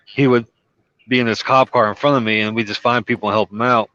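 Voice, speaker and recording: A man's voice: mid-range voice, fairly even intonation, fast, bright, forceful tone, dry recording. A man from Delaware, a trucker, telling rambling anecdotes in casual chat on a live stream. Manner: rambling anecdotes with many restarts. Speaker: trucker and show regular. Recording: dull lo-fi stream audio.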